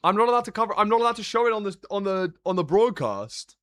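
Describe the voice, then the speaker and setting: A young British man chatting casually on a live stream, joking and sarcastic, with quick swings in energy. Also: high voice, lively intonation, fairly bright tone, no room sound, studio quality. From Britain. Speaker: streamer and analyst.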